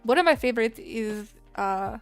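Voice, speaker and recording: A woman streamer putting on a deliberately bad Russian accent as a character from the mountains, speaking in broken grammar. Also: on the high side, expressive, soft background music. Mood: earnest. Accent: put-on bad Russian accent. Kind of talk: streamer reading chat in character.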